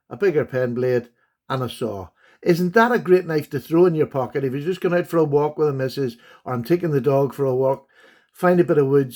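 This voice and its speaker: A man chatting casually in a show-and-tell vlog about his knife collection, rambling and correcting himself as he goes. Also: mid-range voice. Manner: chatty, warm-hearted and rambling with self-corrections.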